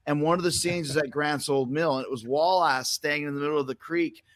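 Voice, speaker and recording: A man's voice: fairly high pitch, brisk, fairly bright tone. A man from Canada hosting a podcast, telling stories in a rambling, casual way with swearing. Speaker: podcast host. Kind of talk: casual chat.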